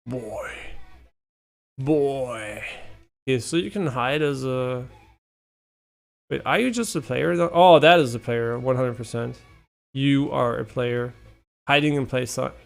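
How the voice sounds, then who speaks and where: A young man streaming live, giving casual gameplay commentary, excitable and swearing a lot as he talks to his chat. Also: medium pitch, slow, vocal fry, pauses often.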